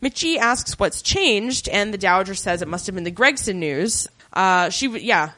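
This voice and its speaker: A woman's voice: medium pitch, animated, normal speed, sharp tone. A woman co-hosting a podcast, recapping a TV drama in casual, sarcastic chat and swearing freely. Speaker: podcast co-host.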